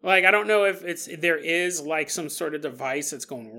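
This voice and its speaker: A man's voice: fairly high pitch, normal speed, sharp tone. A man hosting a podcast, talking in a casual, joking monologue, laughing often and acting out quoted people in exaggerated voices. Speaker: podcast host.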